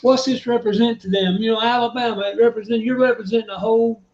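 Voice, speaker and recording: A man's voice: very high voice, fairly even intonation, fast talker, darkish tone. A man, ranting about football on a fan talk show, fired up and cursing. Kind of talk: heated sports fan talk. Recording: echoey, dull lo-fi.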